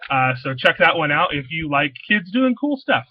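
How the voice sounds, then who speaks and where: A man with a slightly high voice talks through his picks in a loose, enthusiastic ramble, tripping over restarts and fillers as he goes. The sound is a bit dull and muffled, close and dry with no room around it. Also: big pitch swings, moderate pace, husky, dry recording. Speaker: comic shop owner reviewing new comics. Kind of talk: casual rambling review.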